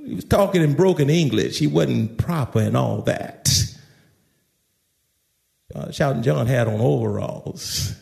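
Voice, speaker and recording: A male pastor preaching a sermon in a church, shouting at times and dropping to quiet asides. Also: mid-range voice, unhurried, creaky. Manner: preaching with shouts, swinging loud and soft.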